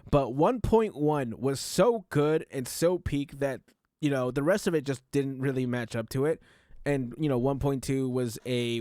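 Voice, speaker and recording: A man streaming a reaction, talking casually in a loud, animated showman way. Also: medium pitch, no room sound, studio quality.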